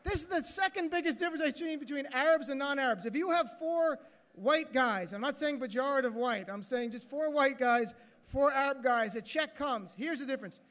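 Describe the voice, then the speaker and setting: A man's voice: very high-pitched, moderate pace. A man doing a stand-up comedy routine as master of ceremonies, joking and acting out characters, in a large hotel ballroom. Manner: joking, animated, acts out characters. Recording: echoey hall.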